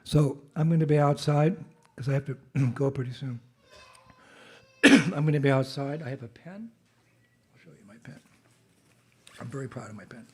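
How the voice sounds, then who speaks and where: There's a little hiss or hum behind this man's mid-range, dark-toned voice. He's a monk visiting a temple, suffering from a cold and clearing his throat, chatting and laughing through a story at an informal gathering while calling out jai for the listeners to answer.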